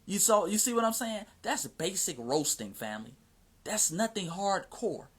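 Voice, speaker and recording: Husky-voiced American man ranting on a livestream. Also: high-pitched, sing-song, normal speed, fairly bright tone. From United States. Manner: emphatic and slangy, often asks "you see what I'm saying". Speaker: livestream host. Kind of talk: casual livestream talk answering questions.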